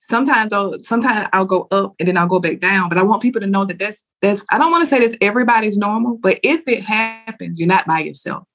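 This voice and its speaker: A woman guest on a podcast talks frankly and earnestly. Her way of speaking is casual and conversational, and her pitch sits in a middle range. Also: fast talker, few pauses, a bit bright. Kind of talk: candid interview talk.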